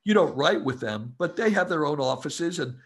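A man, a comedy writer, telling relaxed anecdotes as a guest in an interview. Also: fairly high pitch, moderate pace, husky. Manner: relaxed anecdotal storyteller who acts out quotes. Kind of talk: casual storytelling interview.

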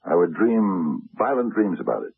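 An actor playing an anxious, dull middle-aged stockbroker in an old radio drama, hesitant and stammering. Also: male voice, deep voice, sing-song, moderate pace, vocal fry, breathy edge, dry recording, full character voice. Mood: earnest. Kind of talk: 1970s radio drama acting.

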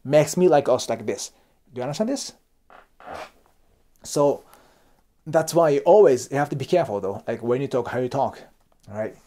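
A man's voice: medium pitch, animated, moderate pace, pauses often, dark tone. A Japanese man speaking English with a Japanese accent, hosting a casual explanatory monologue about culture. He talks animatedly, swears casually, and keeps checking in with the viewer. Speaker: YouTube host and cross-cultural lecturer.

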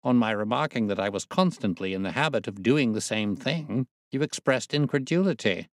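Male reader doing a sharp, lightly teasing detective, lively pitch, dry close sound, storybook reading. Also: normal speed, no room sound, natural voice. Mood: amused, explaining. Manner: precise, explanatory, lightly teasing. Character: sharp, amused male detective, middle-aged. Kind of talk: audiobook reading.

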